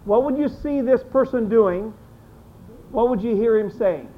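A teacher leading a classroom discussion, briskly encouraging students and repeating their answers aloud. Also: medium pitch. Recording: dull lo-fi classroom recording.

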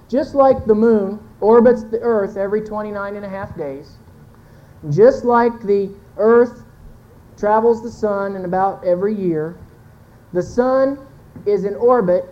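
A church speaker teaches her congregation from a chart in a folksy, earnest, sermon-like way, correcting herself along the way. She speaks a little slowly at medium pitch, and the highs are cut off.

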